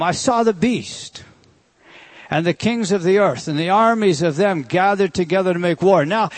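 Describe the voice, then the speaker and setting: A man preaching a verse-by-verse sermon in a conversational, emphatic way, with rhetorical questions and slow, deliberate scripture reading. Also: high-pitched, no room sound. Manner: reads scripture slowly and deliberately.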